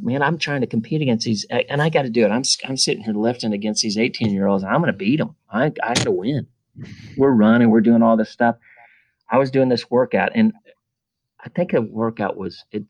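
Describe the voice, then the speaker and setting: A middle-aged man, a podcast guest, telling a story in a casual, animated way and acting out the dialogue. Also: on the low side, no echo. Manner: animated, acts out quoted dialogue.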